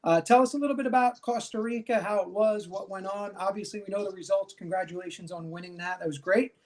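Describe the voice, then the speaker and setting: A man's voice: high voice, fast. A man hosting a talk show in a chatty way, often saying "you know.". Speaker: show host.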